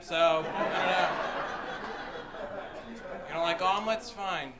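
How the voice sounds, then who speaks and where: A young man telling a stand-up story, animated, jumping into loud high voices for the people in it. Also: normal speed, long pauses, very noisy. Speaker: stand-up comedian. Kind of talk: stand-up comedy set. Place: comedy club stage. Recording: live club with crowd laughter. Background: audience laughing.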